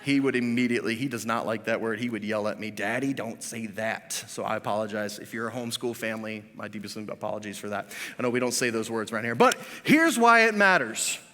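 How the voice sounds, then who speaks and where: A man in his thirties preaching a sermon as pastor. He swings between hushed, drawn-out lines and loud, emphatic ones, with self-deprecating asides. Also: lowish voice. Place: church. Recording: reverberant church sanctuary.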